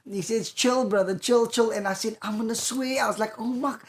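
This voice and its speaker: A chatty male singer-songwriter who tells stories with lots of energy. He talks at length in a loose, animated way. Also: sits high, a little fast. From South Africa. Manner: animated, talkative storyteller. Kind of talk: casual interview storytelling.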